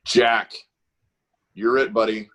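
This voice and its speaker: A man's voice: fairly low pitch, flat delivery, takes it slowly, fairly bright tone, dull audio. A man hosting a live online art class, chatting in an upbeat, encouraging way. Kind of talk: casual live-stream teaching.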